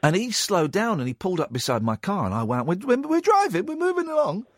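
A man spins a story on a radio phone-in, his pitch swooping wildly from high to low. He keeps checking in with "right?" and trips over restarts as he goes. His voice sits a little high for a man, and it sounds dry and close. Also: wildly swooping pitch, fast, no echo. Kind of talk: animated anecdote on radio.

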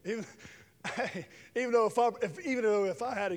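Middle-aged male preacher, high-pitched, shifting between loud preaching and quiet jokes, with reverb from the church hall. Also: moderate pace, pauses often. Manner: swings from shouted preaching to quiet joking asides. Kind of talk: sermon with personal stories. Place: church sanctuary with long reverb.

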